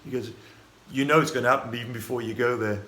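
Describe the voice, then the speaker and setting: A man's voice: medium pitch, steady tone, sharp tone. Rambling man in an echoey room. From United Kingdom. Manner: rambling, halting, many restarts and fillers, chuckling. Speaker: vlogger. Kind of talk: casual storytelling monologue. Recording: echoey room with faint ambient noise.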